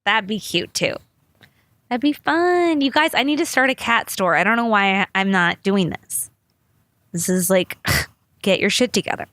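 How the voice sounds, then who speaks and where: A woman hosting a podcast in casual chat, rambling and animated and swearing freely. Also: medium pitch, measured pace, no room sound. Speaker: podcast host.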